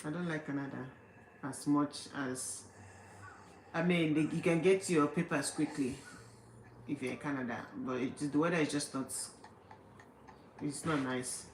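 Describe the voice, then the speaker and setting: A woman's voice: deep voice, fairly even intonation, a little slow, pauses often. Chatty Angolan woman in an echoey room. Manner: chatty, laughs often, mimics critics mockingly. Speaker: livestreamer. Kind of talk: casual chat. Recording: echoey room, faint background noise.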